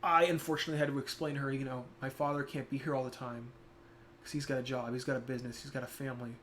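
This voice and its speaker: A young man streaming, talking casually and reflectively, turning soft-spoken when emotional. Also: medium pitch, level tone, rapid-fire, a little hiss or hum. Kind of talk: casual chat.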